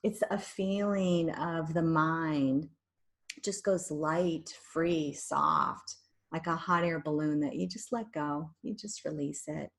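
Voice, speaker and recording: Slow, soothing low-voiced woman. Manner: soothing, drawn-out, with breathy sighs. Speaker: hypnotherapist. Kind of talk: guided meditation.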